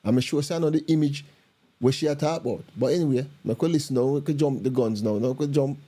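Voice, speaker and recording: A man with a thick Jamaican accent hosts a reaction video, his voice mellow and dark-toned. He talks in animated patois, repeats himself and restarts his sentences as he chimes in on the clips. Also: mid-range voice, fast talker. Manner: animated, repetitive, patois-heavy talk with restarts. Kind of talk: casual commentary.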